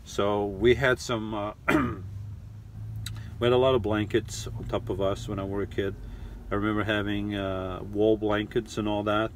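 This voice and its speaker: A middle-aged man hosting a casual live chat, rambling and halting with lots of restarts and fillers. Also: fairly low pitch, little pitch movement, slight background noise. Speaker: live stream host reading chat. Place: lives in New York.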